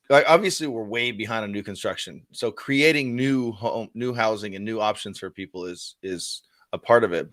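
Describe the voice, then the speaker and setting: Low-voiced sarcastic podcast co-host man. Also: a bit bright, no room sound, studio quality. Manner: sarcastic, musing, thinks aloud. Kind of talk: casual podcast banter. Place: California.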